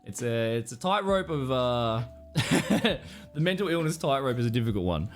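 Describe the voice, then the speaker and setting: A man's voice: mid-range voice, moderate pace, soft background music. Profane Australian man chatting on stream. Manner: profane, rambling, animated storytelling. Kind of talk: casual chat to a live stream audience.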